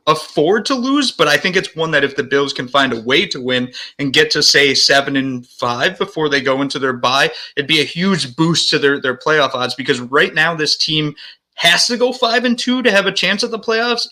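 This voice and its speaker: A man co-hosting a sports podcast, breaking down an upcoming game in a chatty manner. His voice is very bright and sharp, pitched a little high. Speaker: podcast co-host. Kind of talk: casual sports analysis.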